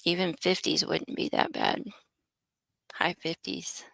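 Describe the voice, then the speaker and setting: A woman from Texas co-hosting a casual morning livestream, relaxed and quick to laugh. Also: lowish voice, creaky, dry recording. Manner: relaxed, laughs easily, short replies. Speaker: livestream co-host.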